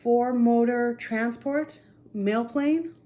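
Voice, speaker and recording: A woman voicing a grumpy but earnest male bear, gruff and blurting, in a read-aloud storybook. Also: a little high, slow pace, mellow. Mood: grumbling.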